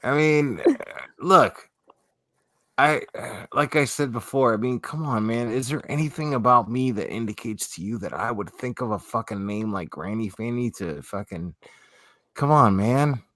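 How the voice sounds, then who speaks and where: A man's voice: mid-range voice, animated, moderate pace, a bit bright, no echo. A man hosting a casual chat, rambling with restarts and swearing freely. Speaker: podcast co-host.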